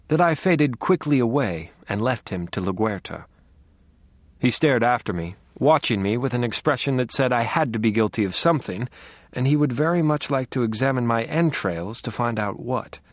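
A man narrating a first-person audiobook in a dry, wry, measured way. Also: mid-range voice, no echo.

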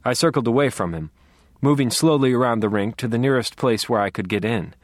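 A man narrating a first-person audiobook in a dry, wry, measured way. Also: mid-range voice, dry recording.

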